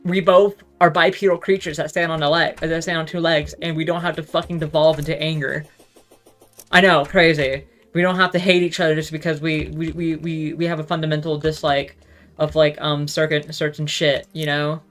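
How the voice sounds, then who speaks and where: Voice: medium pitch, level tone, normal speed, a bit bright, soft background music. A speaker ranting casually in a rambling monologue, swearing freely and filling every gap with "like.". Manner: rambling, profane, heavy use of "like". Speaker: solo talk show host.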